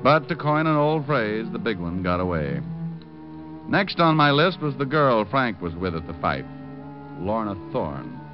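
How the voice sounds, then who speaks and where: A wisecracking radio private eye. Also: male voice, fairly low pitch, sing-song, unhurried. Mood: wry. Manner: dry wisecracks, playful sarcasm. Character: wisecracking private detective, adult man. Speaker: narrator and lead. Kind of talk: 1950s radio drama acting. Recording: dull lo-fi old radio recording with music behind.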